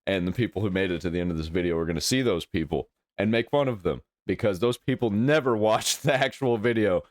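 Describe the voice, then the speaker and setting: A man's voice: on the low side, quick pace, no echo. Blunt sweary guy reacting to vids, middle voice, dry close mic. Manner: blunt, profane, opinionated. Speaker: host reacting to videos. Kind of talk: casual reaction commentary.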